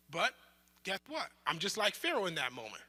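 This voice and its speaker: A young man leads a bible study in a loose, joking manner, acting out little quotes along the way. His voice sits high and sounds very bright and sharp. It carries through a roomy hall with a long echo. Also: normal speed. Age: young adult. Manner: conversational, joking, with lively asides and acted-out quotes. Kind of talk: casual bible study teaching. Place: room of a bible study group.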